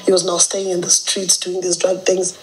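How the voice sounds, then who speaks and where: A woman's voice: on the low side, monotone, normal speed, faint music behind, low-quality recording. A middle-aged woman with a Zimbabwean accent, an interviewed mother speaking earnestly. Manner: earnest, worried. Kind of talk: documentary interview.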